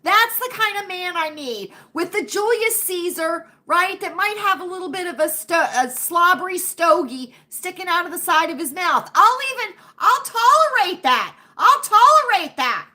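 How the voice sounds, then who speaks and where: Woman, 50s, livestream host, bright high voice, chatty and emphatic with her chat. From United States. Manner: chatty, talks straight to chat, drawn-out emphatic asides. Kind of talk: casual livestream chat with viewers.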